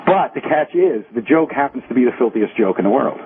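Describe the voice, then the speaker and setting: A man's voice: mid-range voice, expressive, brisk, breathy edge. A man hosting a radio show who talks in a rambling, hesitant way with many fillers. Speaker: radio host. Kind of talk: casual radio chat. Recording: tinny phone-like radio audio with faint noise.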